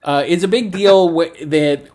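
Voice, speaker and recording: A man's voice: fairly high pitch, a little slow, a little mellow. A man co-hosting a casual pop-culture podcast, recapping scenes and acting out lines in mock voices. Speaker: podcast co-host.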